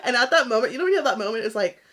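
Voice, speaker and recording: A woman co-hosting a podcast, telling a story in casual chat, laughing often and acting out other people's lines in a higher voice. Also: expressive, very fast, sharp tone. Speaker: podcast co-host.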